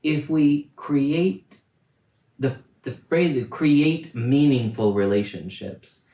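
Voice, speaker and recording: A man's voice: medium pitch, takes it slowly, warm tone, lo-fi sound. A man interviewing in a casual conversation, asking curious, probing questions. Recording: echoey, distant mic, faint noise.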